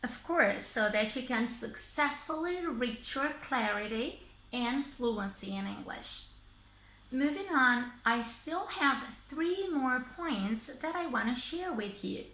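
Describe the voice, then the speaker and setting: A woman teaching English in a scripted lesson, speaking slowly and deliberately and pausing between phrases. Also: sits high, animated, sharp tone, roomy sound, poor audio. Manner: slow, deliberate, pausing by thought groups.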